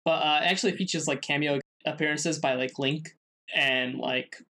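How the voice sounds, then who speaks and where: A man co-hosting a podcast, presenting a researched segment in casual chat, halting with many fillers and restarts. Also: fairly high pitch, steady tone, pushed and bright. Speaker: podcast co-host.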